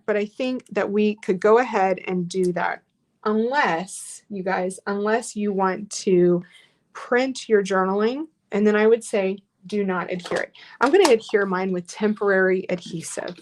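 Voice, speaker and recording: Running a live scrapbooking class online, this medium-pitched woman keeps up a friendly, encouraging chatter. She reads out comments from viewers as she goes.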